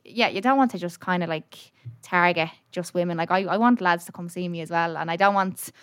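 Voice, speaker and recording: Fast-talking Dublin woman comedian. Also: on the low side, a bit bright, clear, resonant tone, no room sound, clean studio sound. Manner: chatty storyteller, quick and frank, peppered with swearing. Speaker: stand-up comedian. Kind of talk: casual interview chat.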